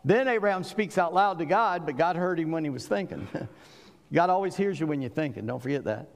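A man's voice: a little high, lively intonation, a little fast, gravelly, big-room sound. A man preaching a sermon with emphatic delivery, voicing figures from scripture as he goes. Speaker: pastor.

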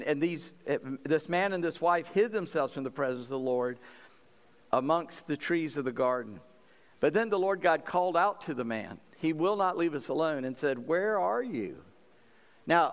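A man from South Carolina, preaching a sermon in a folksy, conversational way as pastor. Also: medium pitch. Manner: folksy, conversational preaching with laughs and acted quotes. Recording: long hall reverb.

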